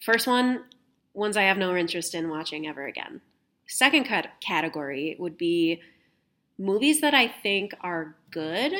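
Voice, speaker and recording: A woman's voice: on the low side, animated, normal speed, bright, forceful tone. A young adult woman hosting a podcast, telling stories in casual chat, laughing often and swearing casually. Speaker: podcast host.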